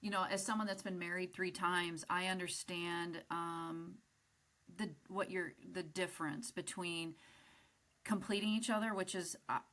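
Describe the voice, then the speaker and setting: A woman's voice: on the low side, fairly even intonation, a little slow, a bit bright. A woman hosting a podcast, asking questions in a casual, friendly way and adding caveats before them. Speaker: podcast host. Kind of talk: interview questions and chat.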